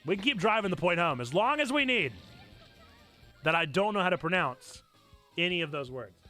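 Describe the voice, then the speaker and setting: A young man streaming a video game live, commenting as he plays and breaking into excited shouts. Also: high-pitched, moderate pace, soft background music.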